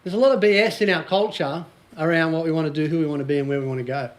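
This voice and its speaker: Chatty Australian man, high-pitched coach. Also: steady tone, racing. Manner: joking, chatty, quizzes the audience. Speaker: business coach speaking to a small group. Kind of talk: casual motivational seminar talk.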